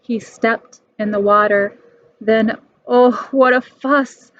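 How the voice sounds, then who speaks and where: Slow expressive woman reading a storybook. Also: fairly high pitch. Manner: lively, animated, rhyming delivery. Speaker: storybook reader. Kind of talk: expressive storybook read-aloud. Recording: dull dry recording.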